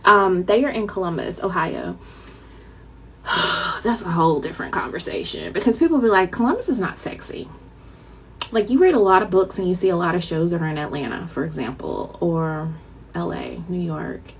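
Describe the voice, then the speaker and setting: A talkative woman author with a light Southern twang chats to her viewers in a low, gravelly voice. She is animated and a bit dramatic. A faint hiss of noise sits under her voice. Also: moderate pace, low-quality recording. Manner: chatty, dramatic, addresses viewers as y'all. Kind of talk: casual chat to viewers.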